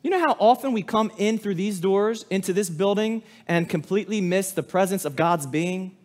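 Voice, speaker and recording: A man with a high voice preaches a sermon as a pastor. He pleads and drives his points home loudly, then sinks to a hush for the solemn moments. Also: normal speed. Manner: impassioned preaching with sudden drops to a hush.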